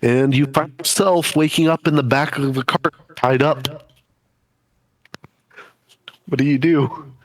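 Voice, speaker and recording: A man narrating a tabletop game as game master in slow, descriptive speech over a voice call. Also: medium pitch, fairly even intonation. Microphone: voice call microphone.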